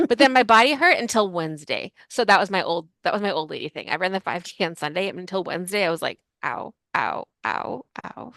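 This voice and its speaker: A woman's voice: fairly low pitch, lively intonation, fairly bright tone, dry recording. A woman in her forties co-hosting a podcast, telling rambling stories in casual chat. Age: 40s. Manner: fast, rambling storyteller. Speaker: podcast co-host. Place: Yucca Valley.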